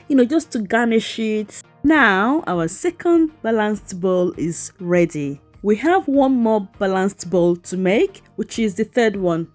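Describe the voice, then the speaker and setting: A woman's voice: medium pitch, a little mellow. A woman cooking vlogger with a chatty, playful manner. She teases her viewers, giggles and talks straight to them as she builds a bowl. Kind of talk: voice-over cooking demo.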